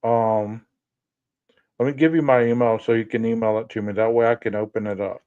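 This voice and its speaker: A man hosting a live podcast stream, thinking aloud slowly and reading viewer comments. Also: medium pitch, fairly even intonation, a little mellow, dry recording, muffled recording. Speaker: podcast host. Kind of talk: live-stream chat over a floor plan.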